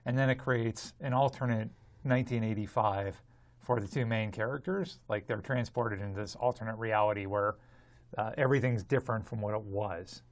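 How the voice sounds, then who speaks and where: A man co-hosting a casual podcast, explaining the episode's idea in a halting way with frequent restarts. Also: fairly low pitch. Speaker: podcast co-host.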